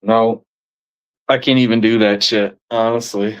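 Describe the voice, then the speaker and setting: Relaxed, profane man chatting with friends. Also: on the low side, unhurried, clear, resonant tone. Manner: profane, laid-back, joking. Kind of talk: casual banter.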